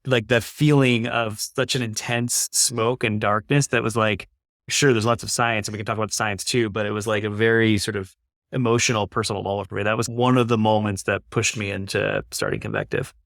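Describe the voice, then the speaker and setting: A man's voice: lowish voice, level tone, a little fast, creaky, a bit bright, no echo, studio quality. A man in his thirties, an earnest and reflective podcast guest talking casually, often saying "like.". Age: 30s. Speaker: podcast guest, climate investor. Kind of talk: casual conversation.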